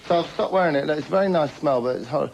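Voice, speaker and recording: A man hosts a comedy show in a boastful, name-dropping comic monologue. His voice sits a little high and he keeps checking in with the viewer. The sound is a dull, lo-fi television recording with clear noise underneath. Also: quick pace. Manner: boastful, name-dropping, chatty with tag questions.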